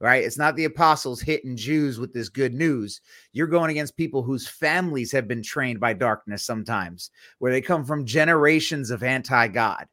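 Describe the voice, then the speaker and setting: Animated man hosting a faith podcast. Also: mid-range voice, moderate pace, no echo, studio quality. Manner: animated, joking, preachy asides. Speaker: podcast host. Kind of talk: casual chat.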